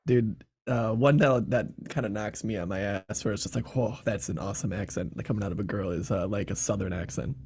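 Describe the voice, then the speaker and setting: A man's voice: on the low side, a little fast, gravelly, few pauses, darkish tone. A man from Michigan with a Michigan accent, a podcast guest who rambles with lots of fillers and laughs often. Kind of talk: casual chat.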